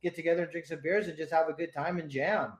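Laid-back host guy, high voice, swears a lot, echoey room. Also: steady tone, fast. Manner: laid-back, swears often, rambling stories. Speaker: radio host. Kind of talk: casual interview chat. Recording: roomy echo.

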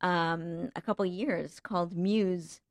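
A woman's voice: fairly low pitch, steady tone, takes it slowly, dry recording, clean studio sound. A woman actress chatting as a guest on a podcast, talking loosely with frequent ums and self-restarts. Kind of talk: casual podcast chat.

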